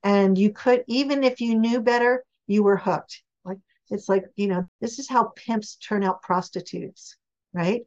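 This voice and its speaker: A woman author and relationship expert, giving a guest interview on a podcast in an emphatic, animated storytelling manner. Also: medium pitch, unhurried, dull audio.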